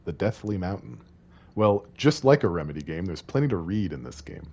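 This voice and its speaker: Male streamer, low voice, lively melody, playful rambling chat with viewers. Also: a little fast, creaky, husky. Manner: rambling and playful, talking to chat and reading game text aloud. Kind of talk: casual live-stream chat while playing.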